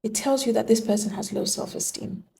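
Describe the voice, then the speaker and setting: Earnest woman with a gravelly voice. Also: on the high side, brisk, dark tone, a little hiss or hum. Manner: earnest and emphatic, with rhetorical questions. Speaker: relationship speaker. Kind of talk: motivational monologue.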